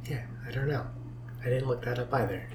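Young male co-host, relaxed trivia talk, roomy echo and faint hum. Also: mid-range voice, fairly quick. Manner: relaxed, agreeable, shares trivia. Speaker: podcast co-host. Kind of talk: casual chat about a movie. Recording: echoey room with faint hum.

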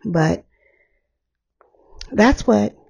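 Hoarse woman podcast host, slow and raspy, candid and rambling. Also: mid-range voice, mellow. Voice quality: gravelly. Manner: candid, rambling, laughs often. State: hoarse after illness. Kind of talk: candid solo podcast talk.

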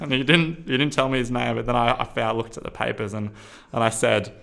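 A man's voice: mid-range voice, steady tone, fairly quick, vocal fry, fairly bright tone. A young man casually recounting a personal experience in a candid, rambling way, with many fillers and some swearing.

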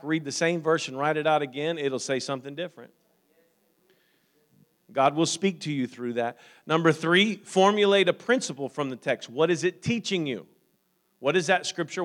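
A man preaching a sermon as pastor, growing loud and emphatic at times, then calm and practical with plain fillers and repeats. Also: on the high side. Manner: frequent fillers and repeated words.

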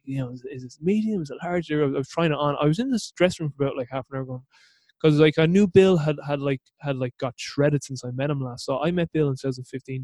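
A man's voice: on the high side, darkish tone, no echo. An Irish man from Ireland hosting a podcast, telling a long story in a chatty, rambling way full of fillers and restarts. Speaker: podcast host. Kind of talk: casual storytelling monologue.

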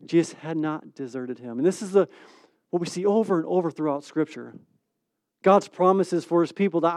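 A man, a pastor, preaching a sermon in a casual, conversational way, acting out stories with quick swings between loud and hushed speech. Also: sits high, no room sound.

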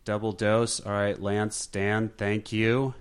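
A man hosting a podcast who wraps up the show in a relaxed, casual way. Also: on the low side, takes it slowly, clean tone. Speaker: podcast host. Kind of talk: casual chat.

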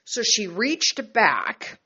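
A middle-aged woman tells her story in a frank, heated and profane way. Her voice is bright and edged, and the recording is a little muffled and lo-fi. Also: fairly high pitch, sing-song, extremely slow, breathy edge. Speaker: vlogger and mother. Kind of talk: casual storytelling.

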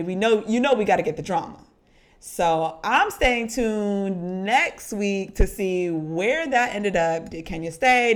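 Chatty woman podcast co-host. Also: medium pitch. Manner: chatty, animated, says honey a lot. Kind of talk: casual reality-TV recap chat.

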